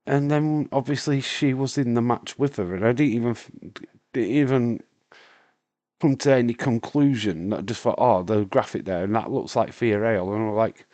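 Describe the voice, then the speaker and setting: A man, hoarse with a breaking voice, hosting a live stream in a casual, rambling chat while answering viewer comments. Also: medium pitch, normal speed, mellow, no room sound. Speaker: wrestling stream host.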